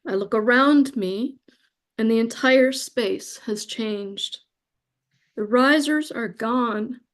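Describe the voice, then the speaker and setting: Soft-spoken woman reading reverently. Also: a little high. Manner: slow, soft and reverent, emotional to the point of tears. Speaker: guest speaker. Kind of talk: reading a spiritual memoir aloud.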